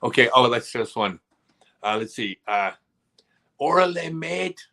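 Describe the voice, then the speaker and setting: A man hosting a casual live stream, telling rambling, animated stories full of asides. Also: on the low side, normal speed.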